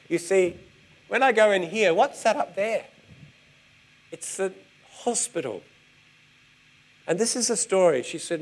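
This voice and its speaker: Male preacher, animated storyteller, slightly high pitch. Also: measured pace, pauses often. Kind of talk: storytelling sermon.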